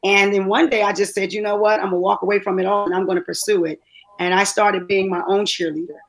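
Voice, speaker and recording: A woman actress shares a personal testimonial as a guest. She talks in a halting way, full of fillers and restarts, and her voice is close to tears. Her pitch sits in the middle range. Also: flat delivery. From DMV area, US. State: choked up, near tears. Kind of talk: emotional testimonial.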